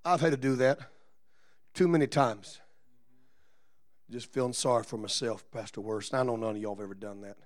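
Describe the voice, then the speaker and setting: A male Pentecostal pastor preaches a sermon at a moderate pace with frequent pauses, moving from quiet, low-key musing to shouted, rhythmic exhortation punctuated with "uh."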